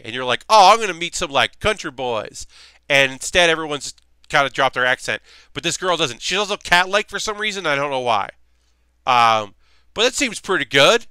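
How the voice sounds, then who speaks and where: A man's voice: a little high, sharp tone, clear, resonant tone, no room sound. A young man hosting a livestream, rambling casually with lots of fillers between points. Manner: rambling, filler-heavy, chatty. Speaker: streamer hosting a model-building show.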